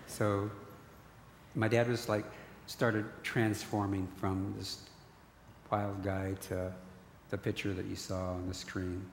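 A man's voice: on the low side, little pitch movement, slow pace, long pauses, a little hiss or hum. A middle-aged man, earnestly telling a personal faith testimony with frequent restarts. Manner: storytelling, repeated restarts, earnest. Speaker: guest sharing a testimony. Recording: echoey hall recording.

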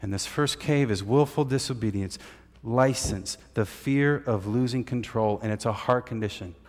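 A man's voice: medium pitch, normal speed, darkish tone. A male pastor giving an emphatic teaching sermon in a church and telling listeners to write key points down. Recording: long hall reverb.

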